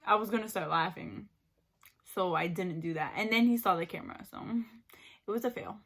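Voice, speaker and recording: A young woman, a beauty vlogger, chats and rambles about her boyfriend while doing her makeup, filling her talk with "like." Her medium-pitched voice is brisk and fairly bright.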